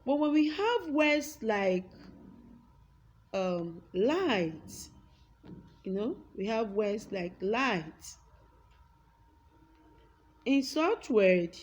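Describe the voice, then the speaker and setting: A woman's voice: fairly high pitch, very animated, a little mellow. Nigerian woman teaching a phonetics lesson. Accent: Nigerian English. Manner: slow, drawn-out words when stressing a point; repeats example words aloud. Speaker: English teacher. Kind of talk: classroom lesson with a whiteboard.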